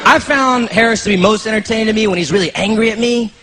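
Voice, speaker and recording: Stand-up comic, man, high bright voice, acts out dialogue and shouts punchlines over a noisy live crowd. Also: fast. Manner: animated storytelling, acting out exchanges, shouting punchlines. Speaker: stand-up comedian. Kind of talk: stand-up comedy set. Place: stage before a laughing live audience. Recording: live club recording with crowd noise.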